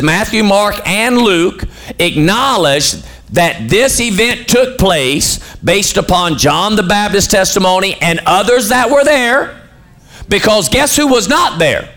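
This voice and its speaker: A man delivers a lively sermon in a church. His voice sits high for a man and swings widely in pitch. He keeps putting questions to the congregation between the scripture readings. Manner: call-and-response preaching, questioning the congregation. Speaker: pastor.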